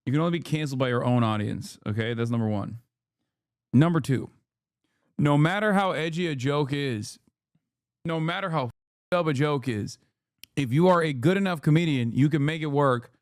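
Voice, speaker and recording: A man's voice: a little high, moderate pace, long pauses, no room sound, studio quality. A man giving emphatic, profane reaction commentary on a live stream, repeating points for emphasis.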